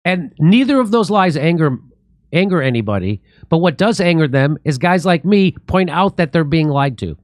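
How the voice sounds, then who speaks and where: On his political commentary show, a comedian host with a voice on the high side delivers a lively, moderately paced rant, parodying his friends in taunting voices. The studio sound carries no echo.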